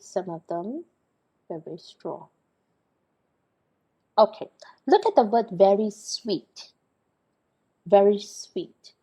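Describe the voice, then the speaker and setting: Husky-voiced woman teaching vocabulary. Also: mid-range voice, a little mellow, rough recording. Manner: explains patiently with many fillers and checks like "okay?" and "right?". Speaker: English teacher. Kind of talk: recorded vocabulary lesson.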